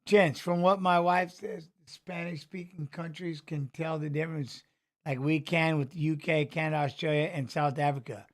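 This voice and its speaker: High-voiced man rambling through fight commentary. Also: fairly even intonation. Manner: rambling, muttered asides and quick stat reading. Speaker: watch-along host, former fighter. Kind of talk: casual live commentary while watching fights.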